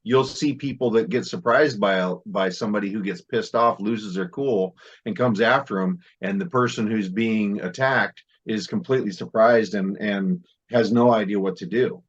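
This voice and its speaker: Guest instructor, man, low voice, measured and emphatic, muffled lo-fi sound. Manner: measured, emphatic, restarts often. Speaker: guest martial arts instructor. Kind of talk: interview answers.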